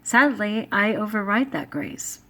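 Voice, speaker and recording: A woman vlogger and teacher, thinking aloud in a soft-spoken, musing way and sometimes dropping to a whisper. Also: medium pitch, measured pace. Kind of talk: reflective casual vlog talk.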